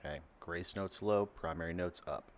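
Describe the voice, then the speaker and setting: A man's voice: sits low, normal speed, very noisy. A man teaching snare drum rhythms, explaining step by step and counting beats aloud. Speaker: percussion teacher. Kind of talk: instructional lesson.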